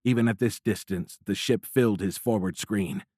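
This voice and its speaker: A man narrating a military thriller audiobook in a measured, dramatic reading, recorded close. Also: on the low side, darkish tone, no room sound. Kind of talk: scripted narration. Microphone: close studio mic.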